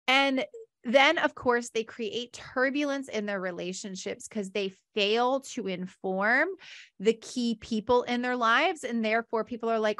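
A woman coach hosting a podcast, explaining in a chatty, expressive conversational way and often checking in with "right?". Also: on the high side, measured pace, dry recording, studio quality. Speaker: business coach and podcast host.

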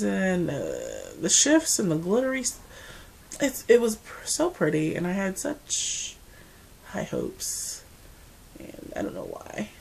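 A woman from the Mid-Atlantic United States with an American accent, chatting casually to camera as a beauty vlogger, animated and full of asides. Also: low-pitched, vocal fry, a little hiss or hum.

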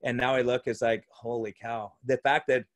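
A man's voice: mid-range voice, flat delivery, moderate pace. A male physician and podcast host in casual conversation at home, enthusiastic and rambling, often restarting his sentences. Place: room at home.

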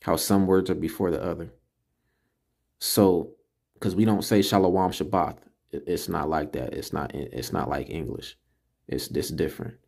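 A man giving a casual screen-recorded lesson, slowly sounding out syllables and repeating words to drill them. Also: low-pitched, creaky, darkish tone. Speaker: religious teacher. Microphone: computer mic while screen recording.

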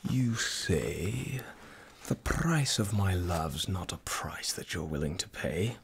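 A man's voice: low voice, animated, slow, gravelly, husky, full character voice. A man voicing a possessive, jilted king as smug whispered role-play.

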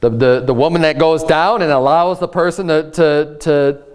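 Preaching with intensity, an American pastor with a fairly high-pitched voice keeps a normal speed, though he stumbles, restarting and repeating words as he pushes his argument.

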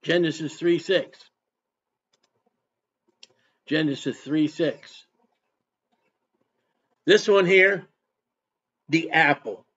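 A man preaching a sermon, quoting scripture with emphatic outbursts and quieter asides. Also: fairly high pitch, drawn-out words, long pauses, slightly rough. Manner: emphatic, repetitive, switches between loud outbursts and quiet asides. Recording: dull lo-fi recording.

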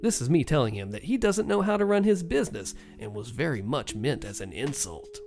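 Story narrator, sardonic, lively pitch swings, faint music bed. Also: brisk. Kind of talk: first-person story narration.

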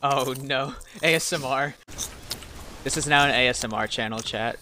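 A man's voice: medium pitch, moderate pace, sharp tone, a little hiss or hum. A man streaming a game, chatting casually and laughing often at his friend's jokes. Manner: laughs often, jokey reactions. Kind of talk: casual gaming stream chat.

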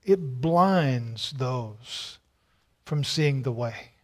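A man's voice: mid-range voice, lively intonation, drawn-out words. A male pastor preaching a sermon, emphatic and repetitive, with rhetorical questions and stammered restarts.

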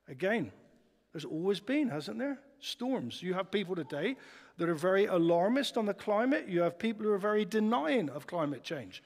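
A man preaching a sermon in a chatty, lively way, often putting rhetorical questions to the congregation. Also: high voice, normal speed. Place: church hall. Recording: long church reverb.

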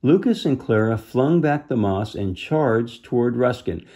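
A man reading a children's book aloud, pausing to explain the story gently to young listeners. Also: mid-range voice, expressive, slightly rough. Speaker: storybook reader.

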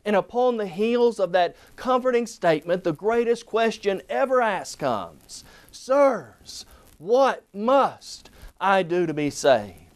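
A man presenting a televised Bible lesson, stressing single words and slowing down on key phrases. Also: sits high. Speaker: Bible teacher.

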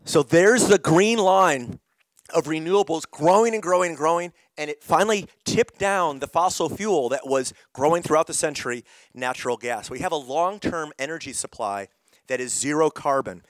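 Middle-aged man, hoarse, fairly high voice, dry sound, engaging workshop presenter. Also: lively intonation, normal speed, no echo. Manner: engaging, calls on audience members. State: losing his voice, coughing.

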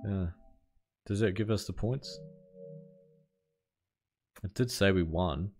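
A man talks to his audience over a live game stream, his voice sitting a little low. He drifts between chat and play-by-play in a loose, offhand way, with the odd bit of mild swearing. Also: takes it slowly, faint music behind. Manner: relaxed, chatty, greets viewers while playing, mild swearing. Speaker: livestreamer. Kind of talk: casual live game commentary.

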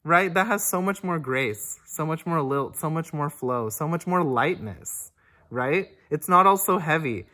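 A woman's voice: low-pitched, animated, a little slow, sharp tone. A woman teaching music in a casual, rambling way, reflecting aloud and humming phrases on syllables to show how they should flow. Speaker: oboe teacher. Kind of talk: casual spoken music lesson.

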